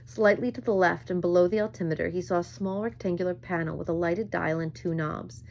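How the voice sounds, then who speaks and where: Low-voiced woman reading a novel aloud. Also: fairly even intonation, creaky, a little mellow, slight background noise. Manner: measured reading with small slips. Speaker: reader.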